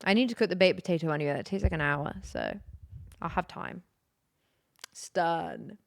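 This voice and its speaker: A woman's voice: fairly low pitch, sing-song, moderate pace, gravelly, no echo. A young woman chatting casually on a live stream, rambling and giggly.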